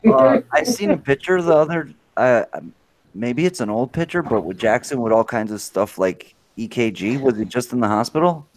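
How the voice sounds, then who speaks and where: A man's voice: medium pitch, animated, moderate pace, a little mellow, no echo. Man, casual stream host, friendly and concerned, dry close audio. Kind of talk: casual chat.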